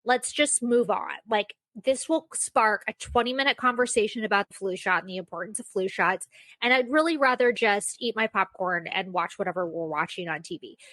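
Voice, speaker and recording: A woman's voice: medium pitch, moderate pace, a bit bright, no echo. A young woman hosting a casual solo podcast, telling a self-mocking story with lots of fillers. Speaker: podcast host.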